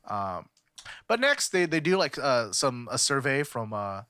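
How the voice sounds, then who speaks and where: A man's voice: medium pitch, a little slow, clean tone, no echo. A young man from California co-hosting a podcast, telling stories in a rambling, profane way, full of fillers. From California, United States. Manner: rambling, filler-heavy, profane, animated storytelling. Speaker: podcast co-host. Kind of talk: casual podcast chat.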